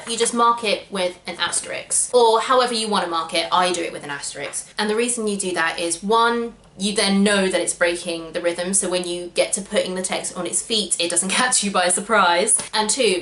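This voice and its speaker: A woman's voice: medium pitch, fairly bright tone. Upbeat woman actor chatting to her tripod cam, explaining stuff step by step, echoey room. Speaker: actor sharing audition tips. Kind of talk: casual instructional vlog to camera. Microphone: camera on a tripod.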